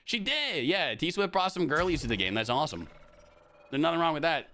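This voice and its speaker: A man's voice: fairly high pitch, very animated, a little fast, a bit bright. A young man chatting casually on a live stream, rambling and swearing, with frequent laughs.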